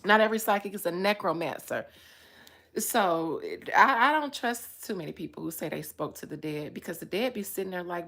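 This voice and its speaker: A woman psychic talking casually on a livestream, profane and animated, breaking into laughter often. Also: fairly low pitch, a little fast, creaky.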